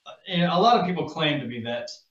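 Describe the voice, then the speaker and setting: Guy guest on a podcast, kinda far from the mic, echoey room, dull lo-fi sound, halting talk. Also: on the high side, expressive, fairly bright tone. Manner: halting, hesitant, many fillers and restarts. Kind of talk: casual podcast chat. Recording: roomy, distant, dull mic.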